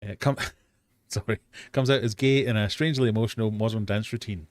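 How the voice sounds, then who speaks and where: A man's voice: on the low side, fairly even intonation, brisk, no room sound, studio quality. A British man hosting a live-stream quiz from his fish room, reading out questions and chatting with self-mocking dad jokes.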